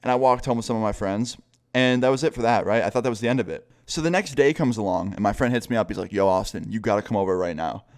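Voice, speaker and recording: A man's voice: medium pitch, quick pace. A young man telling a casual storytime vlog in a loose, profane way, laughing now and then. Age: young adult. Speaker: vlogger.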